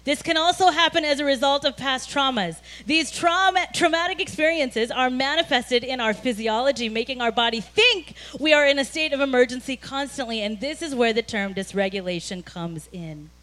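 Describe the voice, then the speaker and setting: A woman pastor giving a sermon in a conversational storytelling way, animated at times and full of "you know" and "like". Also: sits high, normal speed, few pauses. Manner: frequent fillers like "you know" and "like".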